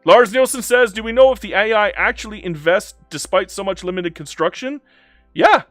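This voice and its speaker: A man doing live commentary on a strategy game, playful and excitable, talking to in-game nations and reading chat aloud. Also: high-pitched, moderate pace, no echo, faint music behind. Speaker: game streamer.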